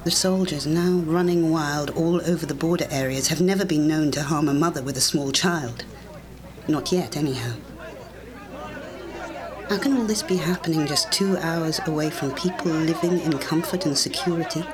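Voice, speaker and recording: An audiobook narrator giving a measured, deliberate reading of a scripted story. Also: medium pitch, crowd noise.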